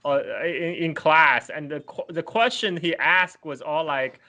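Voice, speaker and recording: A man's voice: on the high side, measured pace, sharp tone. A man hosting a podcast in casual conversation, chatty and laughing often as he talks. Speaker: podcast host.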